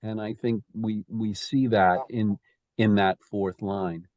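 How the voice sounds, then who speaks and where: A man's voice: lowish voice, steady tone, slow pace, darkish tone, no room sound. A man leading a poetry discussion group, restarting his sentences often and speaking with emphasis as he taps out the rhythm.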